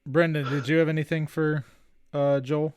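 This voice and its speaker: A man's voice: fairly high pitch, level tone, normal speed, darkish tone, clear, resonant tone. A man moderating a casual writers' chat, giving loose, encouraging feedback full of fillers. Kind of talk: casual group chat about writing.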